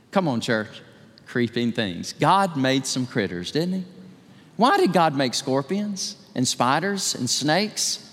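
A man preaching a sermon in a church, acting out voices with big swings of pitch. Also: a bit bright, in a large hall. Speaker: pastor. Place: church sanctuary.

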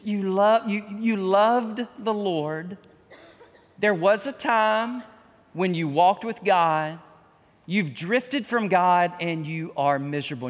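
A man preaching a sermon, acting out voices of sinners and then pleading softly in prayer during the invitation. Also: sits high. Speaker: pastor. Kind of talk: sermon with altar call. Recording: church hall reverb.

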